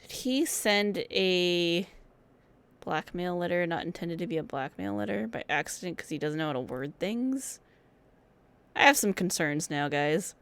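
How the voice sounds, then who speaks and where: A woman's voice: on the low side, animated, measured pace, fairly bright tone, clear, resonant tone. A woman streamer casually commenting on a game, chatty and playful.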